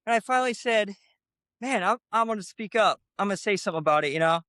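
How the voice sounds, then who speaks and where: A man's voice: sits high, expressive, fast talker, bright, forceful tone, no echo, studio quality. A man in his late twenties, a guest guitarist telling a story in a chatty casual way, full of "you know" asides. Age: late 20s. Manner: chatty, peppers talk with "you know" and "I'm like".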